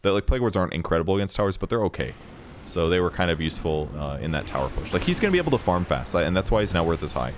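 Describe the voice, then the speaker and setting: Very deep-voiced analytical esports caster. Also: male voice, very animated, rapid-fire, noisy background. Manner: analytical, casual, explains builds. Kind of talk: esports color commentary.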